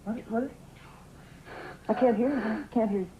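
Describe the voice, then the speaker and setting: An actress playing a firm, relentless therapist who pushes insistently and then softens to hushed reassurance. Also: female voice, fairly high pitch, fairly even intonation, fairly quick, dull audio, background noise, natural voice. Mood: coaxing, insistent. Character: firm, relentless female therapist, middle-aged. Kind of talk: film drama acting.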